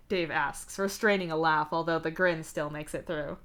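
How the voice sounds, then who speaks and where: A woman streamer narrating a fanfiction chapter live in a plain, even way. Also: low voice, moderate pace, few pauses. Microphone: streaming mic.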